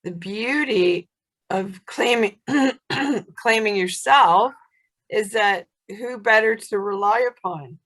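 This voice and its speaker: A woman's voice: mid-range voice, slow pace, fairly bright tone, poor audio. A woman co-hosting a casual self-help chat over a video call, soothing and affirming in tone. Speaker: co-host.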